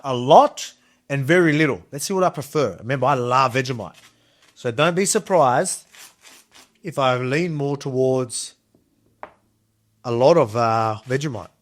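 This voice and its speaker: Chatty Australian man showing how to eat a spread. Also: medium pitch. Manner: chatty, rambling, enthusiastic. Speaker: cooking video host. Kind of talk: casual cooking demo.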